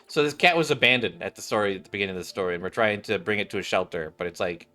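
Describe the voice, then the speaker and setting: A man's voice: on the low side, rapid-fire, bright, forceful tone, faint music behind. A man reading a game story aloud, breaking in with casual, wry asides.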